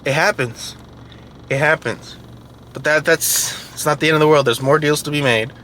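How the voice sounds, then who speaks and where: A man's voice: on the high side, fairly even intonation, quick pace. A man delivering a motivational vlog monologue, emphatic and repetitive, swearing freely. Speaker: vlogger. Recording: loud vehicle noise outdoors.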